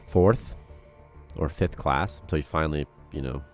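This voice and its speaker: A man's voice: rumbling low, unhurried, darkish tone, faint music behind. A man on a game development stream, talking casually and rambling with lots of "like" and laughter. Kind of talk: casual live-stream chat.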